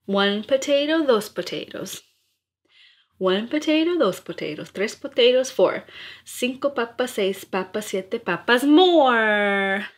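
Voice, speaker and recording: A woman's voice: fairly high pitch, lively intonation, measured pace. A woman reading nursery rhymes aloud in a playful, rhythmic, sing-song way. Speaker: storyteller.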